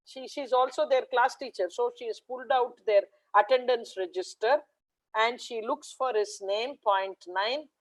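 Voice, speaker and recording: A woman, a math educator telling a lively story to teachers in a video call webinar. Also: fairly high pitch, moderate pace, low-quality recording. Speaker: guest speaker, math educator.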